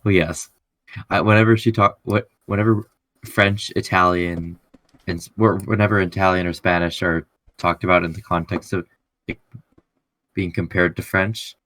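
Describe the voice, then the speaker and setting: A man running a tabletop game, chatting casually with the players, crude and quick to laugh. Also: deep voice, fairly even intonation, fairly bright tone, dry recording. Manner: laughing often, crude and joking. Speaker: game master. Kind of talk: casual chat between players.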